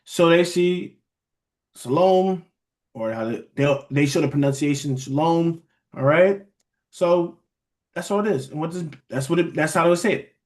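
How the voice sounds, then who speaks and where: Teaching the Bible casually online, this man speaks in a slightly high voice for a man, with loose phrasing and frequent restarts. His conversational style has him checking that listeners follow, often with "all right?" and "beloved."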